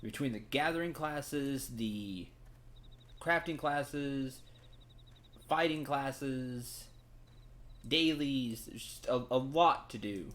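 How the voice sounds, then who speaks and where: A man's voice: mid-range voice, takes it slowly, pauses often, a bit bright. A man streaming a game, chatting casually with his viewers and laughing often. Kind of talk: casual gameplay stream chat.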